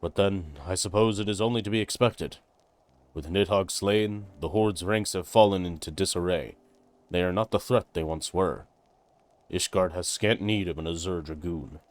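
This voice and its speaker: A man's voice: low voice, moderate pace, lightly acted. Man voicing a stately, archaic-spoken knight-commander. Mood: solemn. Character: formal male noble knight-commander.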